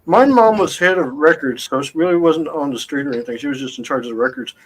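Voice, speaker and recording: Chatty man with a higher voice. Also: expressive, fast talker, a little hiss or hum, poor audio. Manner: chatty, emphatic storyteller. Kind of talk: casual chat.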